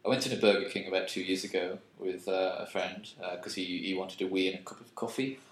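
A man's voice: deep voice, fairly even intonation, quick pace. A man chatting casually on a podcast, teasing and playfully ranting. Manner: jokey, teasing, mock-outraged rants. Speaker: podcast co-host. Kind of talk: casual chat. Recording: roomy echoey sound.

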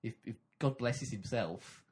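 A man's voice: measured pace, darkish tone. A man hosting a comic podcast, rambling and slipping into mock stand-up bits. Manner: rambling, doing mock stand-up routines in a high put-on voice. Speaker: podcast host. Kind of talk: comic improvised podcast chat.

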